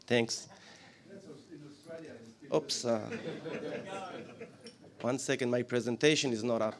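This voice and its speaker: Brief: man in his forties, Israeli accent, mid-pitched voice, plain-spoken pitch to a room, fillers and audience questions. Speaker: business presenter. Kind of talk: business pitch to a live audience.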